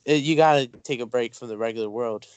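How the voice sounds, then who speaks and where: A man from Massachusetts hosting a casual interview show, relaxed and halting, with frequent ums. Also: mid-range voice, clear, resonant tone, dry recording. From Springfield, Massachusetts.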